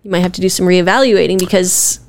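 On a dry recording, a woman co-hosting a laid-back podcast with her husband speaks fast in a lowish, darkish, steady voice. Her conversational tone is earnest and emphatic.

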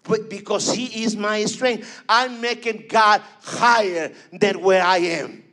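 High, bright-voiced fervent male preacher. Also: takes it slowly. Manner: fervent, repetitive call-and-response preaching. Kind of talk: sermon.

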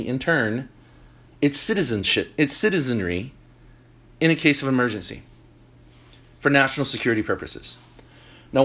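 A man hosting a talk show, delivering an animated opinion monologue with emphatic points and joking asides. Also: fairly high pitch. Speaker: podcast host.

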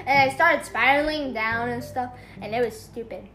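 A woman's voice: high-pitched, normal speed, few pauses, a bit bright. A woman in a casual family devotional talk, rambling and acting out the voices she quotes. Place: home.

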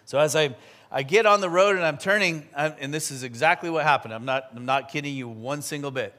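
Man, pastor, sermon, animated storytelling, high voice, bright tone. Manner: animated storytelling with quick asides.

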